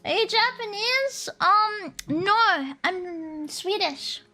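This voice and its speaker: A woman's voice: very high voice, extremely slow, bright, forceful tone. A young woman streaming, chatting casually and reading out chat, playful and giggly, rambling with restarts. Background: faint lofi music.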